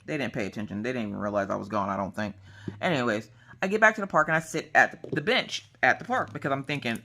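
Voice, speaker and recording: A woman crafting vlogger telling a story in a blunt, animated, casual way. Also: very deep voice, quick pace.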